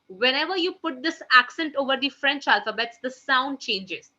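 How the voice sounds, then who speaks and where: A woman's voice: high voice, expressive, moderate pace, few pauses, sharp tone, highs cut off. A woman teaching a live online French class. She keeps calling the students "guys" and says each French phrase twice. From India.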